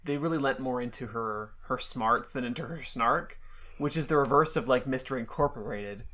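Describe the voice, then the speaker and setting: A woman's voice: a bass voice, moderate pace, a bit bright. A woman co-hosting a podcast, chatting casually and animatedly, laughing often. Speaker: podcast co-host. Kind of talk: casual chat.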